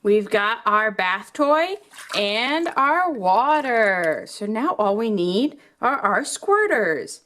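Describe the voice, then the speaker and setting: A woman narrating a toy play for children in an animated storytelling manner. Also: on the high side, takes it slowly.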